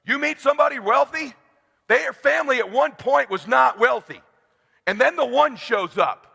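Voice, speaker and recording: Forties male sales coach, high and raspy, tense delivery, shouts then hushes, big reverberant hall. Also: animated, normal speed. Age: 40s. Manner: blunt, swings from hushed to shouting. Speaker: sales trainer. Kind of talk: motivational seminar speech.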